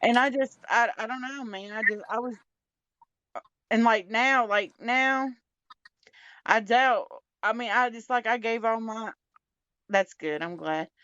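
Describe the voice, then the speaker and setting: Woman, fairly high voice, rambling, dull lo-fi sound. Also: measured pace, long pauses, pushed and bright, dry recording. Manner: rambling, reflective, trailing off. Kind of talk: casual chat.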